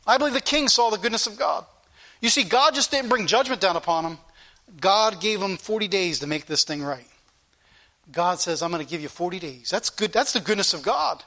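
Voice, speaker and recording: A man preaching, his voice high and ringing. He reads scripture and then drives it home with fervent repetition. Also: normal speed, sharp tone. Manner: fervent, repeats lines for emphasis, reads scripture aloud. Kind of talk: sermon.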